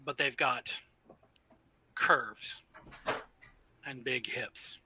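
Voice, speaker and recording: A man narrating as storyteller in a tabletop role-playing game, describing scenes in a measured way. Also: medium pitch, very noisy.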